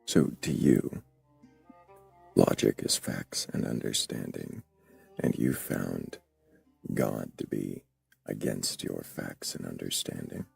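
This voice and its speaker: A man's voice: rumbling low, slow pace, vocal fry, pauses often, darkish tone, slightly rough, faint music behind. A man hosting a live stream, questioning a caller and pressing his points. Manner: probing, interrupts to press points. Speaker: host.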